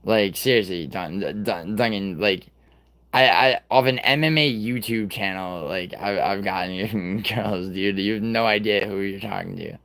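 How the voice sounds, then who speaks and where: Man in his thirties, livestream host, deep voice, vocal fry, rambling profane chat. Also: a little slow, fairly bright tone. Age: 30s.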